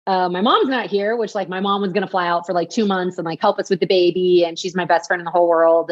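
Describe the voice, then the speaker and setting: A woman recounts a personal story as a podcast guest, in a lively voice that jumps up whenever she acts out what she said. She fills her sentences with "like". The sound is dry and slightly dull. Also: fairly low pitch, fast, few pauses, dry recording. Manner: animated, acts out quoted dialogue, frequent "like". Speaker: podcast guest, author and speaker.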